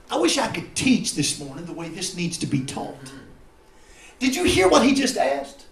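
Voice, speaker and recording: Give me a fervent high-voiced preacher in an echoey church, a man. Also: very animated, brisk. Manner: fervent preaching, swings from shouted climaxes to quiet asides. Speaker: pastor. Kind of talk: sermon.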